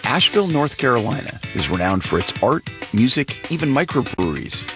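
A man's voice: medium pitch, sing-song, fairly quick, over music. A man hosting a radio news program, introducing reports and interviewing a reporter in a studio. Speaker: news host. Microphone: studio microphone.

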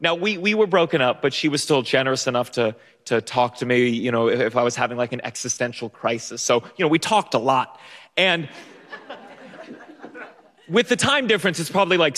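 A young man with a mid-range, slightly bright voice shares a personal story in front of an audience. He's nervous and pokes fun at himself, with frequent restarts and laughter, and a long stage reverb colors the sound.

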